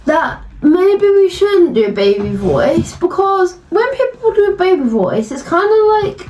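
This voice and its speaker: A woman co-hosting a podcast in casual chat, laughing often and dropping her voice low for emphasis. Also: very animated, unhurried, darkish tone, dull audio. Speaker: podcast co-host. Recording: distant mic with faint hiss.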